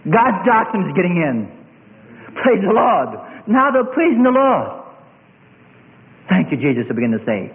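A man preaching a rousing sermon, swinging from loud high cries to low murmurs. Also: sing-song, normal speed, long pauses. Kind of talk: fiery sermon. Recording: tinny lo-fi phone-like sound.

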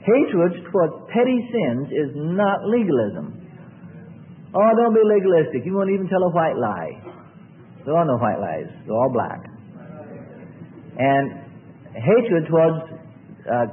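Emphatic preacher, tinny hall recording. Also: male voice. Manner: emphatic, repetitive, drawn-out preaching with sudden drops in pitch. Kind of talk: sermon.

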